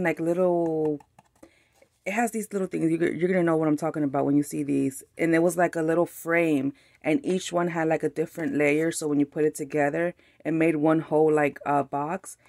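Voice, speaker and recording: Woman, Mexican-American accent, slightly low voice, gushing and excited as she opens a craft package; dry room. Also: no room sound. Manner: gushing, excited, frequent laughs. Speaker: craft channel host. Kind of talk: casual unboxing chat.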